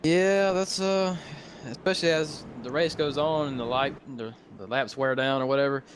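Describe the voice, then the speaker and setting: A man's voice: fairly high pitch, fairly even intonation, moderate pace, slight background noise. A man with a Southern US accent giving easygoing, chatty color commentary on a sim racing broadcast.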